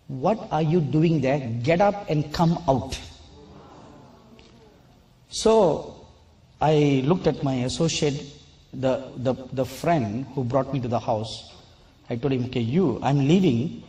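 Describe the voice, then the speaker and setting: A man preaching a sermon and telling a personal story, slow and deliberate, at times scolding the audience. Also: fairly high pitch, mellow.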